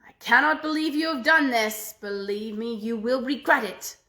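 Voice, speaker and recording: A woman voicing a spiteful, furious male fairy who shouts scornful curses in a storybook tale. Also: fairly high pitch, normal speed.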